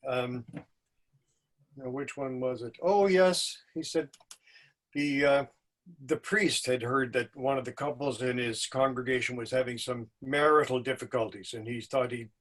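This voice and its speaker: Folksy man telling a tale. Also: medium pitch. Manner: unhurried, folksy, wry. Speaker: storytelling host. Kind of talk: telling a folk tale to a live audience.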